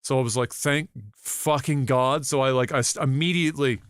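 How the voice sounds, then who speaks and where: With a smooth, mid-range voice at a moderate pace, a man co-hosting a podcast tells a story casually, cursing a lot and animatedly acting out his reactions. There's no echo on the recording.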